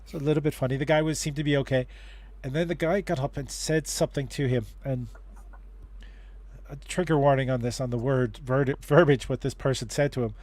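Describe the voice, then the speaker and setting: A man's voice: mid-range voice, steady tone, a little fast, darkish tone. A man hosting a casual livestream advice chat, talking in a rambling way with many restarts and fillers. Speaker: host.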